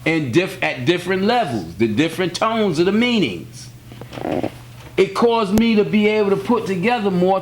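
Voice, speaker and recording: There's a little hiss or hum behind this American man's high voice as he delivers a spiritual teaching. A religious teacher, he speaks sincerely and simply, coming back to key phrases and drawing on stories from his own life.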